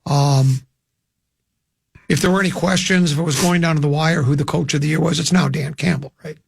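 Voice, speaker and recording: A man's voice: a little high, steady tone, fairly quick, creaky, breathy edge. A man hosting sports talk radio, needling his guest with pushy leading questions. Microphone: studio mic.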